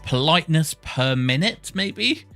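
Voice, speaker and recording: A man talking to himself while testing speech software, muttering and correcting himself as he goes. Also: fairly high pitch, lively intonation, a little slow, soft background music. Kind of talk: casual thinking-aloud coding session.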